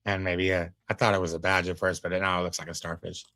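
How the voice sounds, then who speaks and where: A man's voice: low voice, little pitch movement, fast talker, bright, forceful tone, no room sound. A man giving casual live commentary as a reaction streamer, laid-back and folksy, with drawling asides to his chat.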